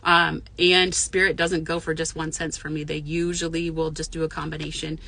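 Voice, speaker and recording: A woman's voice: low voice, flat delivery, normal speed, sharp tone. A woman who works as a spiritual medium, talking casually from her parked car in a frank, profane, rambling way with lots of fillers. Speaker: intuitive medium and spiritual mentor. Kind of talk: casual live chat to viewers.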